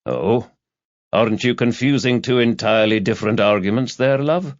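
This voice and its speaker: A man voicing a world-weary, sardonic middle-aged male detective who talks in a dry, mocking, low-key way. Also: lively intonation, moderate pace, no room sound, lightly acted. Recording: dull, dry lo-fi audio.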